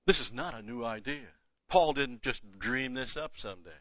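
A man's voice: mid-range voice, lively intonation, moderate pace, fairly bright tone, no echo. An older man giving a Bible teaching lecture, emphatic, repeating key words and dropping casual asides. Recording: dull lo-fi dry recording.

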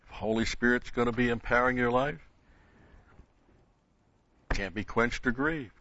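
A man's voice: medium pitch, moderate pace, a bit bright, no room sound. A man delivering an expository sermon as a Bible teacher, stressing points by repeating key words. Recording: dull, dry lo-fi recording.

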